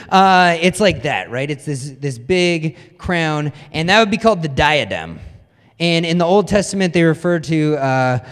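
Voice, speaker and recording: Chatty male pastor in an echoing hall. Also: on the high side. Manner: chatty, self-deprecating storytelling with many "like"s. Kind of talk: casual conversational sermon. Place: church hall. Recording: long hall reverb.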